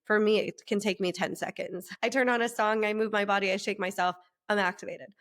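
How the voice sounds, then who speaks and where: A woman business coach talking fast and excitedly, laughing and acting out quotes with big jumps in her voice. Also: mid-range voice. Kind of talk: casual podcast chat.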